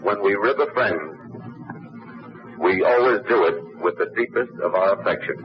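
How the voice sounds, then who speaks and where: A man giving a measured, formal after-dinner introduction at a club roast, with a few dry jokes. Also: lowish voice. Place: banquet hall. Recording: dull noisy 1950s archival recording.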